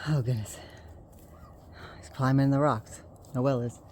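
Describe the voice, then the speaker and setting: A woman with a low, mellow voice talks casually while herding puppies from her house to the yard. She coaxes and scolds them, laughs, and gets winded along the way. It is recorded on a handheld camera with faint background noise. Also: steady tone, measured pace. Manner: coaxing and scolding puppies, often laughing and sighing. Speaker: dog breeder filming her puppies. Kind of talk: casual vlog narration. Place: home and backyard, indoors and outdoors. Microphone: handheld video camera.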